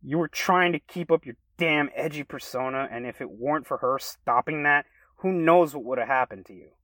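A man's voice: a little high, moderate pace, a bit bright, no room sound, pitched above the performer's own voice, natural voice. A man voicing a protective young man who scolds his friend, in a read-aloud story. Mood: scolding. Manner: exasperated, scolding.

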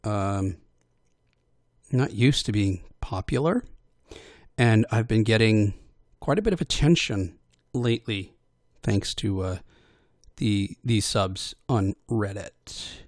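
A man rambling in a casual monologue about voicing audio posts, self-deprecating and hesitant, with many restarts and fillers, slipping into quick character voices when he quotes people. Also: lowish voice, animated, no echo, studio quality.

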